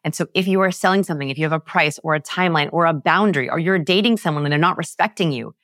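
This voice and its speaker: A woman guest on a podcast, explaining research with emphatic, animated storytelling and big pitch swings. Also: very fast, dry recording, clean studio sound. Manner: lively, emphatic, swings pitch high to act out examples.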